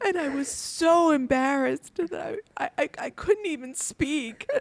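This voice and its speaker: A woman's voice: sits high, unhurried, no echo. An American woman co-hosting a casual chat, telling a funny story and often laughing while she talks. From United States. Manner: animated, laughs through the story. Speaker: podcast co-host.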